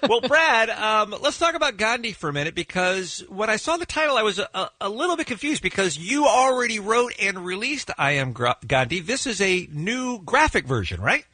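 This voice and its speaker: Lively, bright-voiced radio host man. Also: high voice, normal speed, hardly any pauses, dry recording. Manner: lively, laughs often, enthusiastic. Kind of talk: morning radio show chat. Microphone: studio microphone.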